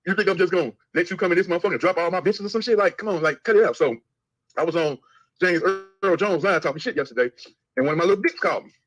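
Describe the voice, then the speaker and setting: A man's voice: high voice, poor audio. A man telling profane stories in a casual live-stream chat. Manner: fast, profane storytelling, animated quoting.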